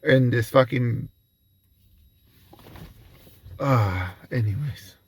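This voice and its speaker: A man's voice: mid-range voice, takes it slowly, husky. A man giving an angry, profane reaction commentary, ranting heatedly.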